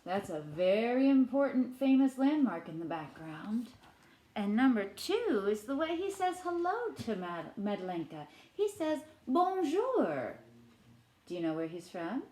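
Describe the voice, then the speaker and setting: A woman teacher reading a picture book aloud to children, asking gentle questions and putting on playful voices for the characters. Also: medium pitch, sing-song, moderate pace, echoey room. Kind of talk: children's read-aloud lesson.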